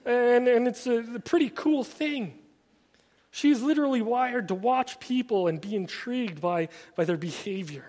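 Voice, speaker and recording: A man preaching a sermon in an earnest way, often stammering and restarting his phrases, and at times dropping to a soft, quiet voice. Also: extremely high pitch, normal speed. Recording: long hall reverb.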